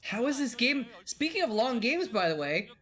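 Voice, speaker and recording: Very high and sing-song, this man's fairly bright voice moves at a moderate pace. He's running a watch party of old pro games, rambling easily through casual commentary and reading the chat aloud to viewers.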